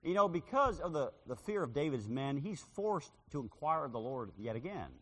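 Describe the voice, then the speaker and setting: A man's voice: on the high side, big pitch swings, moderate pace, long reverb tail. A man preaching a sermon, telling a personal story and acting out the voices of people in it. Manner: dramatic, acts out voices in his stories. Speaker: street preacher.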